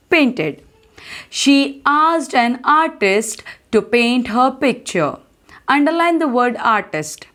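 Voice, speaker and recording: A woman with an Indian English accent, teaching a children's English lesson online, reading a story aloud and repeating instructions. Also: a little high. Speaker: primary school English teacher.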